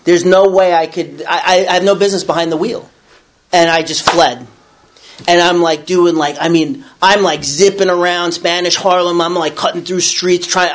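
A middle-aged man telling a personal story in a casual, rambling way, with many restarts and self-corrections. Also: fairly high pitch. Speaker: storyteller sharing a recovery story.

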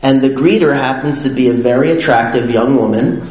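A man's voice: medium pitch, brisk, reverberant, rough recording. Rambling man telling a recovery story. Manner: rambling, animated, many fillers, frequent laughs. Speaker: speaker sharing his recovery story. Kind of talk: casual personal storytelling.

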